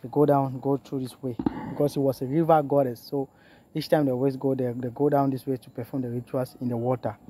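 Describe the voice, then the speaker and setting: A man's voice: medium pitch, level tone, fairly quick, mellow. A man walking through a forest outdoors, filming a vlog and talking to his viewers, often calling them "guys" and repeating himself. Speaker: vlogger. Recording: clear music under the voice.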